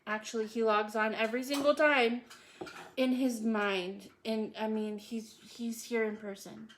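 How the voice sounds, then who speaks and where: A woman's voice: fairly high pitch, fairly even intonation, measured pace, slight background noise, poor audio. Woman, cooking show host, playful and punny; home kitchen with audible chopping and clicks. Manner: playful, jokey, self-praising with puns. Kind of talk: casual live cooking chat.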